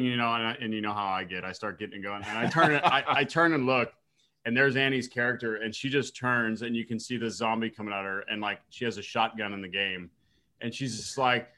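A man chatting on a podcast, recounting a story with lively energy. He acts out what people said and his voice leaps high for each quote. His everyday voice sits in the middle of the range. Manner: animated, acts out quotes with big pitch jumps. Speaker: podcast co-host. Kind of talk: casual storytelling chat.

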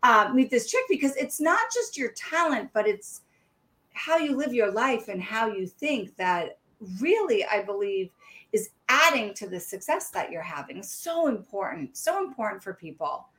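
A woman's voice: mid-range voice, big pitch swings, measured pace, fairly bright tone. A woman hosting a podcast, chatting casually with a guest, encouraging and reflective, with frequent restarts. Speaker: podcast host. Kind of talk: casual interview chat.

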